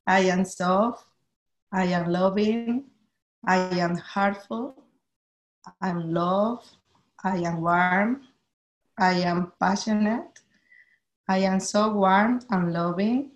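A woman on a video call gently reading a list of affirmations about herself. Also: mid-range voice, slow pace, pauses often, echoey room. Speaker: group participant.

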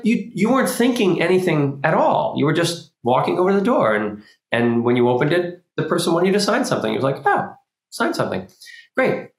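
Animated man teaching in an echoey room. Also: fairly high pitch. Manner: animated, acts out little quoted scenes. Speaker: spiritual teacher. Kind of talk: informal teaching talk. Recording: roomy echo.

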